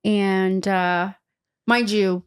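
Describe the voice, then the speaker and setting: A woman's voice: medium pitch, very slow, smooth. A young woman telling stories as a podcast guest, chatty and full of "like" fillers. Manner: chatty, many "like" fillers, animated voicing of others. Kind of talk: casual storytelling.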